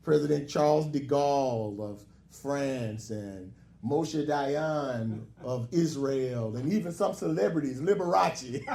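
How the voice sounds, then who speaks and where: In an echoey hall before a live congregation, a male minister delivers a lecture-style sermon, his fairly high voice darkish and edged with vocal fry. He drops in joking asides and draws call-and-response from the crowd.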